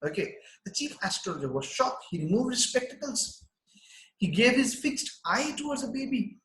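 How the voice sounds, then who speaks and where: A man teaching, reading a story line by line and explaining it in simple English, with an animated delivery. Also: extremely high pitch, normal speed, roomy sound, rough recording. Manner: animated, reads text aloud then explains in simple English. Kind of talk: line-by-line literature lesson.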